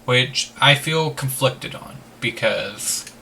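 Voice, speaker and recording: A man's voice: medium pitch, takes it slowly, gravelly, sharp tone, far from the mic, slight background noise. A man hosting a let's play, rambling casually with lots of "like" and the odd swear word. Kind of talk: casual gameplay commentary.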